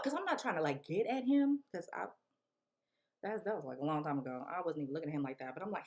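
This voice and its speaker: Young woman, casual storyteller, slang-heavy, expressive melody. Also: lowish voice, fast. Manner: animated, slangy, acts out quotes. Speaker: vlogger.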